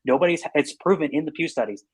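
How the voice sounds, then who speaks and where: A man's voice: a little high, animated, breathy edge, no room sound, poor audio. Podcast guest: earnest man, rambling "like"-filled bursts, dry close mic. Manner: earnest, talks in quick run-on bursts with many "like"s. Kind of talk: casual conversation.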